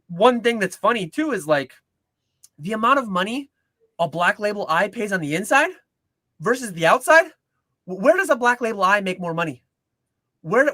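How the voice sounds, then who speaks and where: A man's voice: sits high, bright, forceful tone, no echo. A man co-hosting a casual livestream, explaining at length with lots of restarts and filler words. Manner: rambling with frequent restarts and "like"; earnest explaining. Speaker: co-host of a card-collecting livestream.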